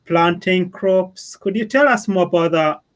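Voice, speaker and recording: A man's voice: sits high, a little slow. A man hosting an interview, asking questions politely with hesitant fillers. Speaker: host.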